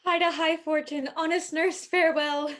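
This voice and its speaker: A woman's voice: extremely high pitch, little pitch movement, normal speed, a bit bright. A woman playing an eager, impatient young girl in a video-call staged reading.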